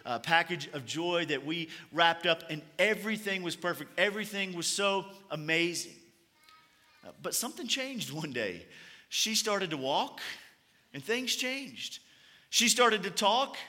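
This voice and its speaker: Bright, high-voiced pastor. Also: male voice, in a large hall. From Kentucky. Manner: storytelling, conversational with humor. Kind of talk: sermon.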